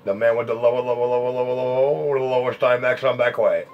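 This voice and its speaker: A man's voice: mid-range voice, steady tone, fast talker, very noisy. A man on CB radio, repeating his call signs in a sing-song chant. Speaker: CB radio operator. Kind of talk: CB radio chatter. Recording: muffled CB radio audio.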